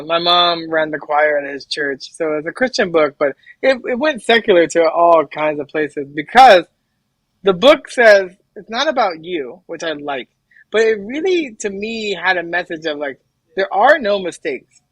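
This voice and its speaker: A man speaking very fast and hyper as a podcast guest in a casual interview chat. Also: fairly high pitch, expressive, fairly bright tone, no echo, rough recording.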